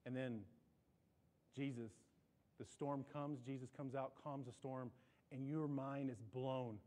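A man preaching a sermon in a church, animated, often repeating and restarting his words. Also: moderate pace. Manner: animated, climbs in pitch and volume for emphasis. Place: church sanctuary.

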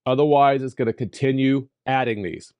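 A man hosting a software tutorial, talking emphatically and playfully, with sudden jumps in pitch for emphasis. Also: steady tone, moderate pace, dry recording, dull audio. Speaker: tutorial host. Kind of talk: screen-recorded software tutorial.

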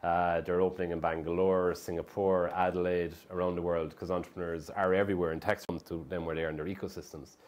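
A man's voice: low-pitched, little pitch movement, fast talker, few pauses, darkish tone. A man, a startup founder speaking in an onstage interview, rambling with many restarts. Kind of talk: conversational interview on stage. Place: live event venue.

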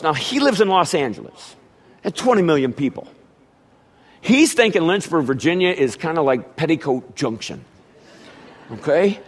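A middle-aged man preaching a sermon, telling a family story in a storytelling manner and doing animated impressions of his relatives. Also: a little high, normal speed. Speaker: pastor.

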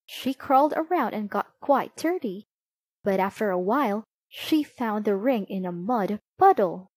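A woman reading a children's picture book aloud, slow and expressive with a lively, rising and falling pitch. Her voice sits fairly high, recorded close and dry. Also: no room sound. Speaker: storybook reader.

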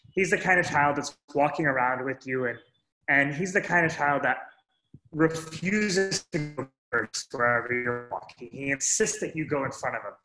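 Man, storyteller, earnest and direct with his listeners; slightly high voice, roomy echo. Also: pushed and bright. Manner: earnest, strings sentences with "and so", addresses the audience as folks. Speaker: speaker sharing a story. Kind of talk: first-person storytelling talk. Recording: echoey room.

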